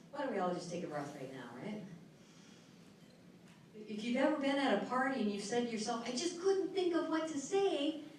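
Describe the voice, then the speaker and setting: Woman workshop speaker, middle-aged, calm guiding voice turning emphatic, heard from far off in a boomy hall. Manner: soothing, guiding, then lively and emphatic. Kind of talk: live talk with guided relaxation exercise. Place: large echoey hall. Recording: echoey hall, voice from far off, faint noise.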